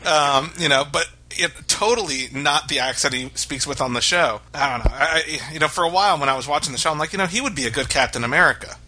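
A man's voice: fairly high pitch, animated, fast talker, few pauses, sharp tone. A man co-hosting a podcast, talking casually in a rambling way with many restarts. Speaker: podcast co-host. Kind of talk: casual chat.

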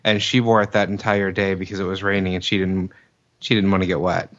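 Low-voiced man telling a self-mocking story. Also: little pitch movement, fairly quick, a bit bright, dull audio. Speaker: podcast co-host. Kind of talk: casual chat.

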